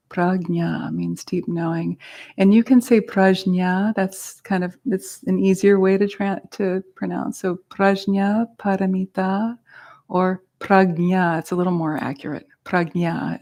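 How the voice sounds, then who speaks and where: Low-voiced woman teaching meditation. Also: creaky, mellow. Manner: explains terms patiently, with self-aware asides. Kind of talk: casual teaching talk. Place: class with a group present.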